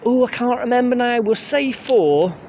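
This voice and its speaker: Sweary high-voiced bloke ranting. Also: male voice, moderate pace. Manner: sweary, laughing, animated storytelling. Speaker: music reviewer. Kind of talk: casual ranting gig review. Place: outdoors on a street. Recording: street traffic noise behind. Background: traffic and street ambience.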